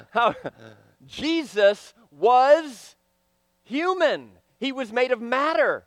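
A man preaching a sermon, swinging from loud emphatic lines to hushed, quiet ones. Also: very high-pitched, very animated, very slow, pauses often, no echo, highs cut off.

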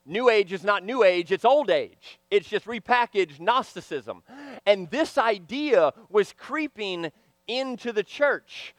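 A man preaching a sermon, swinging from loud emphatic lines to hushed, quiet ones. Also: high-pitched, animated, slow pace, no room sound.

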